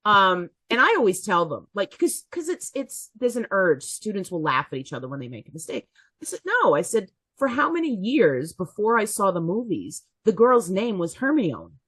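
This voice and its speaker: A woman's voice: medium pitch, normal speed, breathy edge, no echo. A woman who is a teacher, co-hosting a podcast in casual chat, telling stories and correcting herself as she goes. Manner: chatty storyteller, self-correcting, animated quotes.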